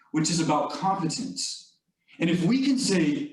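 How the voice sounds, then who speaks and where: A man's voice: on the high side, lively intonation, a little slow, a little mellow. A man giving a motivational leadership talk, telling stories earnestly with light humor. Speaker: leadership facilitator. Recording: echoey room, distant mic.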